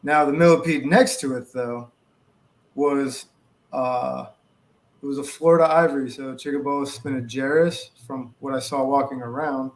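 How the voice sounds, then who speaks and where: A man's voice: mid-range voice, fairly even intonation, moderate pace. Knowledgeable man in casual chat. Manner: detailed and knowledgeable, uses Latin species names. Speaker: podcast co-host.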